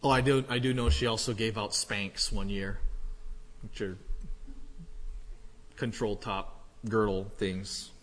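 A male pastor preaching a sermon, moving from quiet reflection to loud, animated storytelling. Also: on the low side, takes it slowly, long pauses, a little hiss or hum. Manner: builds from quiet musing to loud excited storytelling. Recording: echoey hall reverb.

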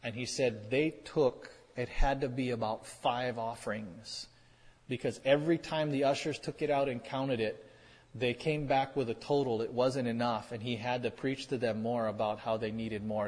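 A man's voice: medium pitch, fairly even intonation, moderate pace, a little mellow. Man preaching in a reverberant hall. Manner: conversational preaching, wry asides, pointed repetition. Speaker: pastor. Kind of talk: sermon.

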